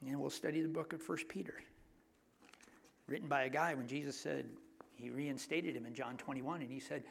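A middle-aged man preaching a sermon in a conversational, joking way, often dropping his voice to hushed asides. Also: mid-range voice, steady tone, moderate pace, creaky, slight background noise. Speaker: pastor.

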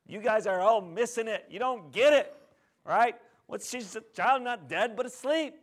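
A man in church acting out a gentle yet commanding male teacher in a sermon, hushed with a grieving father and loud and fed up with a crowd. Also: fairly high pitch, a little fast, breathy edge. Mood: exasperated.

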